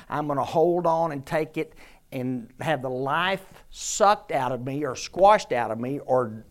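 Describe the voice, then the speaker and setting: Older preacher, interactive sermon, quizzes the congregation, teasing, emphatic, church. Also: mid-range voice. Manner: questions the audience, teasing, emphatic. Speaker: preacher teaching scripture.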